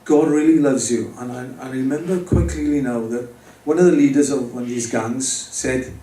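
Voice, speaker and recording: Man with a mellow voice talking straight to a live audience about his faith, recorded from a distance. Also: mid-range voice, moderate pace. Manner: conversational, speaks directly to the audience. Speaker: speaker giving his testimony. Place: pub or club venue with an audience. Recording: roomy, distant mic with faint background noise.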